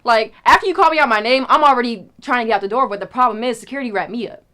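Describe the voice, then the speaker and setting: A young woman telling a story in casual chat, animated and profane, acting out what people said. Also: a little high, very fast. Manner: animated, profane, acts out quoted lines. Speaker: storyteller guest.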